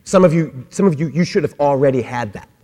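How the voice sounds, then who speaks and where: Male pastor, animated and playful preaching, fairly high voice, recorded in a big echoing sanctuary. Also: fairly quick. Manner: animated, humorous, acts out voices. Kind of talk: sermon. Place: church sanctuary. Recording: long hall reverb.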